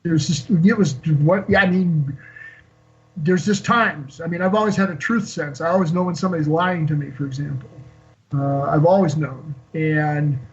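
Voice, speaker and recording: A man in his sixties, a guest on an interview show, telling an emotional personal story in a halting way with many fillers and restarts. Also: a little high. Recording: dull lo-fi call audio.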